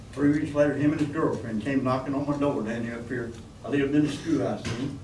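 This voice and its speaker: A man's voice: mid-range voice, fairly even intonation, fairly quick, distant mic, background noise. A man preaching a folksy sermon, calling out for amens from the congregation. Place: church. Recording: echoey church room, mic from afar.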